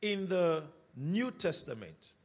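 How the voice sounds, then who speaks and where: A man's voice: high voice, sing-song, husky, dull audio. A man preaching a sermon, reading scripture and repeating his key points with emphasis. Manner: emphatic repetition, slow deliberate phrasing.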